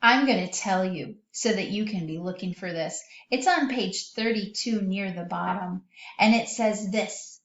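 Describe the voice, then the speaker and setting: A woman's voice: mid-range voice, a little slow. Woman teacher for a kids' vocabulary lesson, patient and sing-song, recorded in an echoey room with dull audio.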